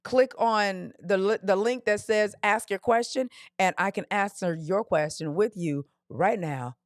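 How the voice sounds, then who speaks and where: A woman's voice: mid-range voice, no room sound. Sassy woman host, dry close sound. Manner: sassy, direct, coaching with pet names. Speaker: podcast host. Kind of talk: live call-in advice podcast.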